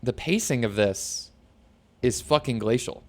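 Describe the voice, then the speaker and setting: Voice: mid-range voice, lively intonation, unhurried, slight background noise. A streamer giving chatty, sarcastic commentary while playing a game. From New Jersey. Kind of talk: casual gameplay commentary.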